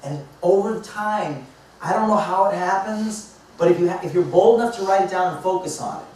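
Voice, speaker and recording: A man in his fifties, a motivational speaker telling lively stories to a live audience and acting out both sides of conversations. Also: high voice, fairly quick. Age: 50s. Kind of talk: storytelling talk to a live audience. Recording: echoey hall, mic far off, faint noise.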